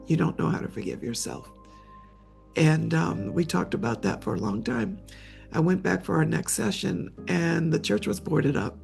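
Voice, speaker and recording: Faint music plays as an older woman, a memoir author and interview guest, shares a personal story. Her low voice is animated, a little mellow and touched with vocal fry, and she falters and repeats words as she grows tearful.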